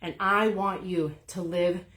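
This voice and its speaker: A woman's voice: on the low side, steady tone, slow, a bit bright, echoey room, distant mic. A woman leading a workout as a fitness instructor, upbeat and encouraging as she counts through the exercise, a little out of breath. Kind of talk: live-streamed workout coaching.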